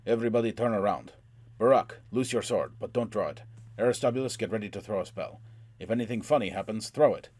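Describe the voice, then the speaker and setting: A man's voice: lowish voice, fast, darkish tone, no echo, natural voice. A man voicing a cautious, commanding dwarf leader in an audiobook. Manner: commanding, clipped.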